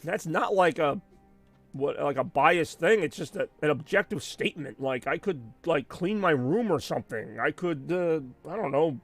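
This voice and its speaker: Animated gravelly-voiced gaming streamer man. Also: a little high, moderate pace, soft background music. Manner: rambling, venting, animated with frequent asides. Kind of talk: casual chat over live gameplay.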